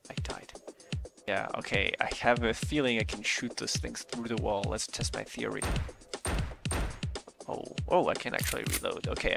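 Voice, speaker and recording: A man's voice: fairly low pitch, creaky. A man playing through indie games as a reviewer, giving bemused let's play commentary and laughing often. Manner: bemused, laughing, talks to himself. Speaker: game reviewer. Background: game music.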